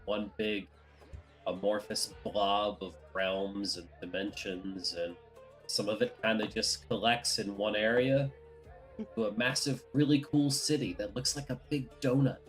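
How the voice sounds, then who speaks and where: Low voiced guy roleplaying, slow and deadpan, faint music under it. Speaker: player. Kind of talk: in-character tabletop role-play.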